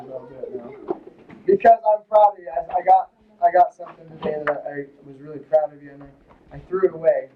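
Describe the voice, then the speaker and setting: A man, a high school wrestling coach, giving a casual, rambling, joking awards speech at a banquet in a lodge hall. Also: highs cut off.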